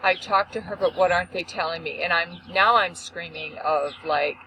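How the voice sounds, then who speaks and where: A woman hosting a faith talk show, telling a family story in an animated, expressive way. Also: normal speed, noisy background. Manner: expressive, acts out quotes with big pitch swings. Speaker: host.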